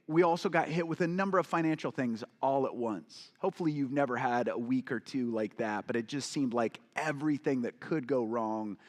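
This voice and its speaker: A man giving a motivational keynote talk, telling a personal story to the audience and acting out the voices of the people in it. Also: mid-range voice. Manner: storytelling, acts out quoted voices, addresses audience. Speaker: keynote speaker and coach. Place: large event hall with audience. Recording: long reverb of a large hall.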